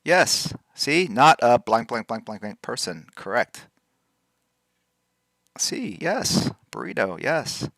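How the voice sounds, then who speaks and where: A man's voice: mid-range voice, big pitch swings, a little slow, hardly any pauses, fairly bright tone, no echo, clean studio sound. A man hosting a live drawing stream, chatting casually and playfully with his chat while he works, teasing them and repeating words to practice saying them.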